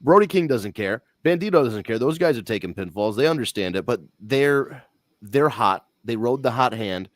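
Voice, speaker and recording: A man's voice: mid-range voice, animated, normal speed, no room sound. A man talks shop on a wrestling podcast in a blunt, rambling way, swearing as he goes. His voice sits in a middle range. The sound is close and dry, with no room around it. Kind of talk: casual wrestling talk.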